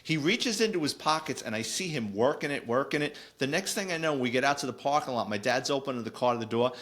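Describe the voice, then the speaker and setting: A middle-aged man, telling a casual, animated story on a podcast with lots of digressions. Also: medium pitch, quick pace. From New York. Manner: animated, digressive, acts out quoted voices. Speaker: podcast host, former police officer.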